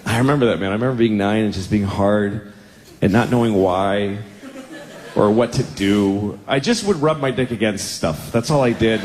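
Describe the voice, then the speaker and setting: A man's voice: on the low side, normal speed, darkish tone, in a large hall. A man in his forties doing a stand-up routine, crude, rambling and self-deprecating. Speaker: stand-up comedian.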